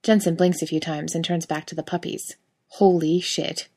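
Steady low-voiced woman narrating fiction. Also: moderate pace, breathy edge. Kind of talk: audiobook fiction reading.

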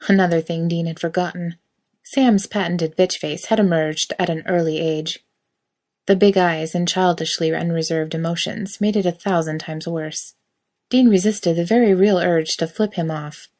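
A woman reading a story aloud in steady, quiet narration. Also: on the low side, moderate pace. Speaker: reader.

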